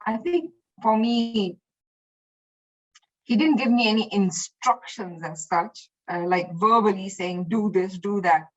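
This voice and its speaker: A woman guest chatting about memories of her teacher, animated and full of restarts. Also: medium pitch, slow, muffled recording. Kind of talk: casual spoken reminiscence.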